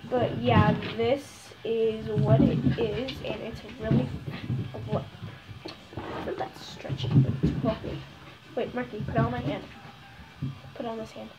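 A woman's voice: fairly high pitch, flat delivery, unhurried, pauses often, highs cut off, loud music behind the voice. A young woman chatting casually at home as she makes slime, rambling with self-conscious asides. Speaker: slime vlogger. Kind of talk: casual vlog chat.

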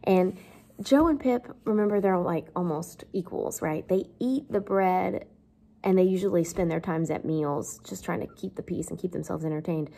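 A woman's voice: on the low side, moderate pace, vocal fry, mellow. A woman English teacher explaining a novel in a chatty, wry, conversational way.

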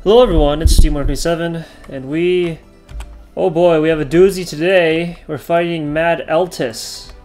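A man hosting his own gaming channel, talking through his play, yelling and laughing at close calls. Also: on the high side, fairly even intonation, normal speed, soft background music. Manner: chatty, talks over his play. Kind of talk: gameplay commentary.

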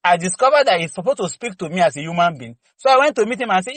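A man's voice: high-pitched, lively intonation, quick pace, fairly bright tone, dry recording, poor audio. A man preaching to a congregation, exhorting fervently with rhetorical questions and candid personal stories. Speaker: lay preacher. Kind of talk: preaching teaching session.

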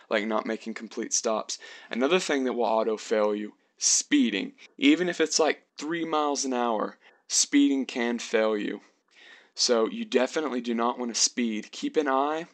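A young man giving earnest, chatty advice in a casual vlog, often restarting his sentences. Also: medium pitch.

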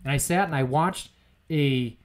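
A man's voice: fairly high pitch, a little slow. A man co-hosting a podcast, ranting emphatically in casual political chat. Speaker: podcast co-host.

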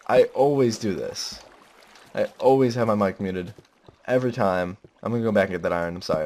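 Low-voiced man doing rambling game commentary. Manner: rambling, jokey and melodramatic; loud sudden yelps. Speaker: gamer. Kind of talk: let's play commentary.

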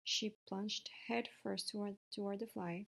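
Woman, storybook reading, steady, small slips, middle pitch. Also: unhurried, vocal fry. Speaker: reader. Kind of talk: reading a children's book aloud.

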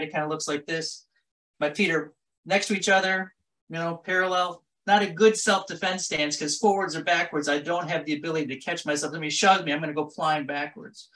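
A man's voice: fairly high pitch, pushed and bright. A man teaching a self-defense workshop in a casual, conversational way. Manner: casual, conversational, talks with his hands. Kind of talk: instructional talk.

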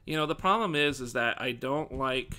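A man streaming live, thinking aloud and swearing casually as he tests his desk microphone, often projecting near a yell. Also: mid-range voice, normal speed, smooth. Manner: projects loudly, near yelling into the mic. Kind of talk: live stream mic test, casual chat.

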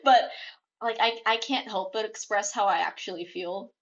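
A young woman streaming live, chatting to viewers in a bubbly, expressive, rambling way and giggling often. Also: mid-range voice, moderate pace, highs cut off. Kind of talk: casual live-stream chat. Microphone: desktop mic, no webcam.

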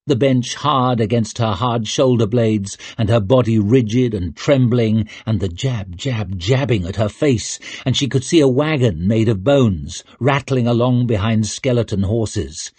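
A man narrating an audiobook in a measured, even storytelling manner. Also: medium pitch, slightly rough, dry recording. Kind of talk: scripted narration.

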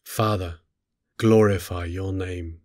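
A man with a lowish voice reads scripture in a solemn, measured way. His delivery is unhurried and steady. The sound is dry and close, with no room around it. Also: no echo. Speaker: scripture reader.

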